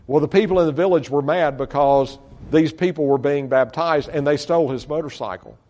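A man's voice: fairly high pitch, a little fast, mellow. A man speaking as a missionary, talking a congregation through slides in a folksy, earnest way, with many fillers and restarts. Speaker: missionary reporting to supporters. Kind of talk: slide-show talk to a congregation.

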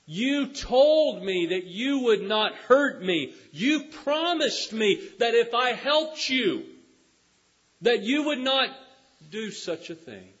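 A man's voice: on the high side, animated, very slow, husky, exaggerated voice. A man voicing a young male warrior who protests insistently in a story told during a sermon. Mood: anguished. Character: young male warrior, wary then betrayed. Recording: dull lo-fi recording.

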